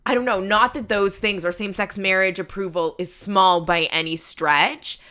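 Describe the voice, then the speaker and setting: A woman's voice: medium pitch, fairly even intonation, normal speed, bright, forceful tone. A woman from Canada co-hosting a comedy podcast, thinking aloud and teasing in casual chat.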